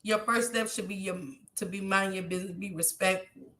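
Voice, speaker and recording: A woman's voice: medium pitch, fairly even intonation, fairly quick, sharp tone, reverberant. A woman vlogger talking to her viewers in an impassioned, tearful way and reading out their chat comments. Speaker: YouTube vlogger. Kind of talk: emotional livestream talk to viewers.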